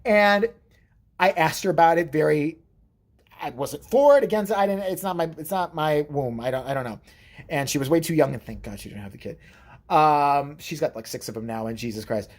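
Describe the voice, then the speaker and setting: A man with a fairly high, expressive voice talks briskly in a casual vlog, telling a long family story. He rambles, swears freely, and keeps correcting himself as he goes.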